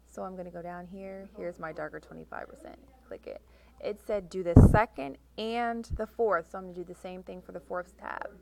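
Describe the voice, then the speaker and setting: A woman teaching a software tutorial, talking through each click step by step and reading instructions aloud. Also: medium pitch, creaky. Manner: reads instructions aloud, correcting herself. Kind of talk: screen-recorded software tutorial.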